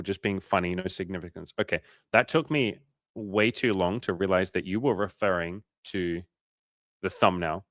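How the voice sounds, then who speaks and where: A man's voice: low voice, fairly bright tone, no echo, clean studio sound. A young man coaching on a livestream, chatting casually, joking and swearing while reassuring viewers. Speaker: dating coach. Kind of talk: casual livestream chat reading viewer comments.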